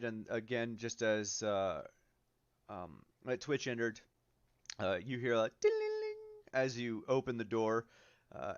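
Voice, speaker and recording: A man narrating as game master of a tabletop game, relaxed and full of ums and uhs. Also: medium pitch, clear, resonant tone, dry recording. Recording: dull lo-fi mic, dry.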